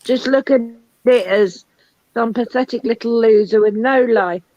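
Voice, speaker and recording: A woman's voice: on the high side, unhurried, mellow, no echo. A woman chatting casually on a live stream, her voice strained from losing it over a few days, scornful about online trolls. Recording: dull, muffled stream audio.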